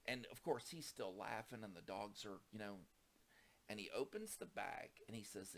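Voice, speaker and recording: A man telling a long personal anecdote in a casual, animated way, acting out the people in it. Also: lowish voice, moderate pace, gravelly. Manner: animated, acts out quoted voices, rising to excited peaks. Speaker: storyteller. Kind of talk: casual storytelling.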